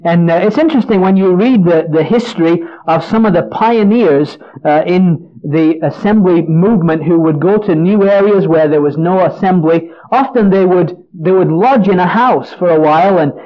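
A man's voice: sits high, normal speed, hardly any pauses. A man preaching an earnest Bible-teaching sermon, often restarting and repeating words as he explains a passage. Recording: dull lo-fi recording.

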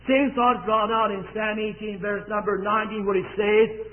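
A man's voice: high voice, little pitch movement, moderate pace, phone-quality sound. A man preaching a sermon to a congregation in an earnest way, often asking them questions. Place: church service.

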